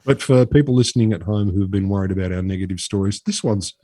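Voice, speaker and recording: A man's voice: on the low side, quick pace, dark tone, no echo, studio quality. A man co-hosting a podcast, telling a story in a chatty, swearing, casual way. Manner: chatty, swears freely, drops into mock voices. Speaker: podcast co-host.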